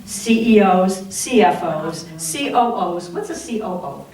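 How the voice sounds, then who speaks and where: A woman's voice: mid-range voice, a little slow, recorded from a distance, crowd noise. Woman minister preaching in an echoey hall. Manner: animated, humorous retelling with chuckles. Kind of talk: sermon storytelling. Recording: very echoey hall, heard from afar, faint hiss.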